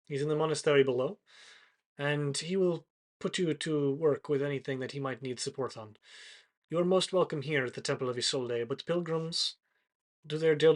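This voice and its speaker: A man voicing a stately male high priest who speaks in a formal, courteous, measured way. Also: close to an everyday voice.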